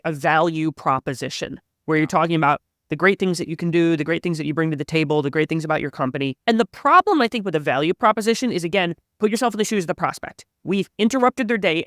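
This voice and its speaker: A man with a somewhat higher voice than most men, explaining sales ideas in a thoughtful, step-by-step way. The recording is dry and close. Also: fairly bright tone, no room sound. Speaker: sales expert guest. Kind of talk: conversational sales advice.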